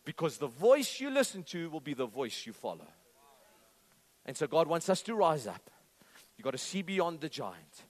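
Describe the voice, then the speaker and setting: A man preaching a sermon to a congregation, impassioned, with swings between loud declarations and low intense tones and some playful humorous asides. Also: sing-song, moderate pace.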